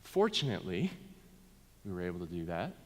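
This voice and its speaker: A man's voice: sits low, big pitch swings, a little fast. A man preaching a sermon as pastor, talking directly with his congregation and asking them to respond. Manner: interactive, asks congregation to respond. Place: church sanctuary. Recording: reverberant church sanctuary.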